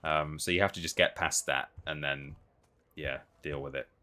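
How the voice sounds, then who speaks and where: A man's voice: rumbling low, steady tone, normal speed, pushed and bright. A man hosting a live gameplay stream, chatty and musing as he wanders through the game. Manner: chatty, musing, self-interrupting. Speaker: livestream host.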